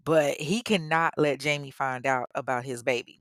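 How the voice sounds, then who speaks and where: A woman hosting a podcast, retelling a true-crime case in slangy, chatty, animated casual speech. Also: sits low, normal speed, hardly any pauses, no room sound, studio quality. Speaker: podcast host.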